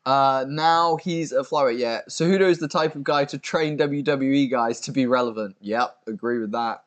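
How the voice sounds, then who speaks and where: A young man from the United States co-hosts a casual watch-along livestream, reading viewer chat messages aloud and answering with swearing and sudden exasperated squeals. His voice is mid-range and his pace moderate.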